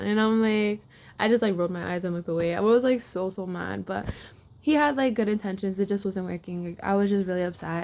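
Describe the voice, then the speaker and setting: A woman's voice: medium pitch, a little mellow. A young woman athlete casually telling a personal story to camera, with lots of filler words. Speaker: wrestler.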